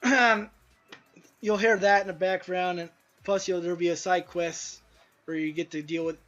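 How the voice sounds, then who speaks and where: A man's voice: high voice, little pitch movement, moderate pace. A man casually chatting while testing his own game, rambling loosely with crude asides. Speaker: indie game developer. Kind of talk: casual gameplay commentary. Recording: dull lo-fi audio with faint music.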